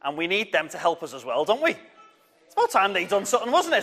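A man telling a Bible story to children at church, lively and encouraging, getting the audience to shout along. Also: sits high, quick pace, very noisy. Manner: lively, encouraging, draws the crowd in.

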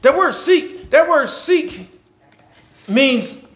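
A man, a pastor preaching a sermon in a church, repeating phrases and building to shouts. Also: extremely high pitch, very animated, drawn-out words. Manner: repetitive call-and-response preaching, swelling to shouts.

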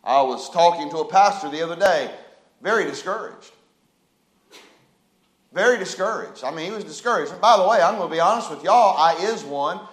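A man preaching a sermon as pastor, firing off rhetorical questions and swinging between hushed asides and loud cries. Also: a little high, quick pace, hardly any pauses. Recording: echoey room.

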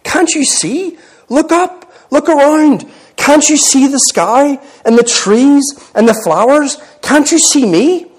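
A man voicing an earnest young girl from a storybook, pleading and gentle. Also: high voice, sing-song, a little slow, exaggerated voice.

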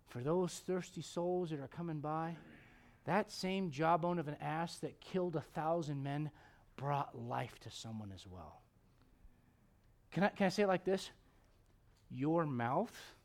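Preacher guy with a really high voice, gets loud then drops way down, cracks jokes mid sermon. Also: creaky. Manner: swings from loud preaching to hushed, with joking asides and laughs. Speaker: pastor.

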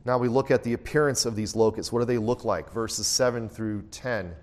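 Reading scripture in a raised voice, this Bible teacher runs an interactive study where he questions the group and repeats what they say. His medium-pitched voice is a little mellow, and he talks briskly with few pauses.

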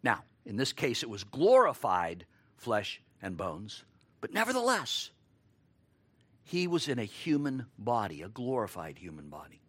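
A man preaching a sermon, expressive, acting out quoted lines and asking his listeners rhetorical questions. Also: mid-range voice, unhurried, husky, no room sound.

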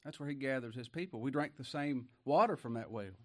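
A man's voice: a little fast, fairly bright tone. Chuckling preacher man. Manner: chuckles often, tag questions to the congregation; bursts into high exclaims. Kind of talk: folksy sermon.

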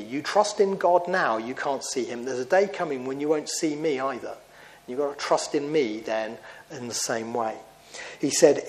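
Man preaching an earnest sermon, teaching style, asks the congregation questions, pauses on fillers. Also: medium pitch, a little mellow, poor audio.

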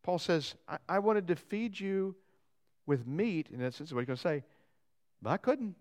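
A pastor preaching a sermon in a church, with folksy jokes and asides to the congregation and a delivery that swings from loud to quiet. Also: male voice, high-pitched, lively intonation, normal speed. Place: church sanctuary.

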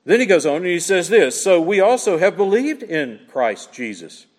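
A man's voice: sits high, very animated, normal speed, big-room sound. A man preaching an expository sermon, pressing his points with emphatic repetition and rhetorical questions to the congregation. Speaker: pastor.

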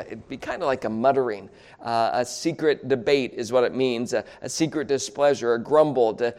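A man's voice: medium pitch, darkish tone. A man preaching a sermon, chuckling often between points and getting the congregation to repeat words aloud with him.

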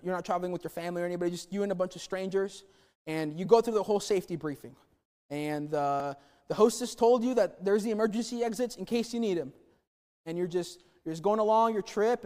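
Guy preaching a sermon, high voice, chatty and jokey, big echoey hall. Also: a little mellow. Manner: conversational, chatty with humorous asides. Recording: long reverb of a hall.

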